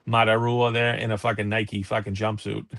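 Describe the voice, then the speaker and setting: A man's voice: lowish voice, flat delivery, normal speed, vocal fry, a bit bright, no room sound. A man hosting a live talk show, ranting in heated, profane casual chat. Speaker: podcast host.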